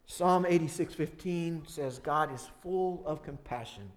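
A man preaching a sermon, voice climbing loud when he acts out prayers and dialogue, then dropping soft and low for grief. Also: measured pace. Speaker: pastor.

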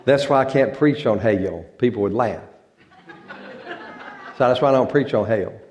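A man's voice: medium pitch, normal speed, a little mellow, dull audio. A male pastor giving an informal talk to a church congregation, folksy and joking and drawing out words for effect. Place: church sanctuary.

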